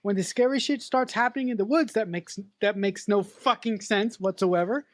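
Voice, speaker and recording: A woman's voice: mid-range voice, moderate pace, no echo, clean studio sound. A woman co-hosting a podcast, giving an emphatic, profane critique of a movie in casual chat. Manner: emphatic, critiquing, swears freely. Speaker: podcast co-host.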